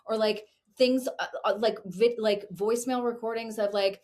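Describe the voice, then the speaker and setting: A middle-aged woman as a podcast guest, chatting casually in an animated way, with lots of fillers and some swearing. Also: on the high side, measured pace, hardly any pauses. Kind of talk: casual interview chat.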